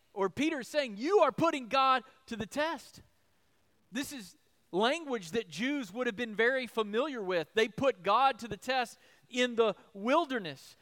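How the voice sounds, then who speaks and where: A man's voice: very high voice, a bit bright. A middle-aged male pastor preaching a sermon, building emphasis with rhetorical questions.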